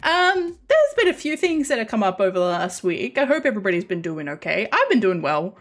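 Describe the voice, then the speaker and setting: A woman's voice: medium pitch, sing-song, fairly quick. A woman streamer with a light Australian accent, chatting casually to her viewers in a rambling way, often restarting and correcting herself.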